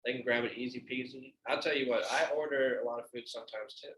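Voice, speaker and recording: Joking man, bright voice in an echoey room. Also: medium pitch, steady tone. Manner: chimes in with jokes and quick reactions. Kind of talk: casual podcast chat. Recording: echoey room with faint noise.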